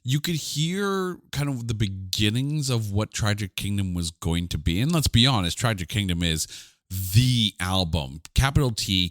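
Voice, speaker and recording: A podcast co-host with a fairly low voice chats casually and animatedly about music, dropping "like" frequently. The recording is studio quality with no room sound.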